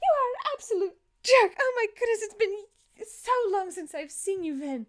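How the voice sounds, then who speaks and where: A woman's voice: high-pitched, expressive, fast, fairly bright tone. A woman voicing a fretful, caring winged fairy woman who scolds and stammers in a tabletop game. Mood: scolding.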